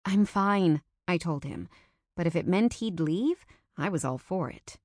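Expressive woman narrating an audiobook. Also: lowish voice, normal speed, no echo, clean studio sound. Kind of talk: scripted first-person narration.

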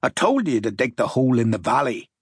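A man's voice: medium pitch, very animated, quick pace, breathy edge, dry recording, studio quality. A man putting on a burly Irish soldier. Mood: firm. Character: burly Irish male soldier, big and steady.

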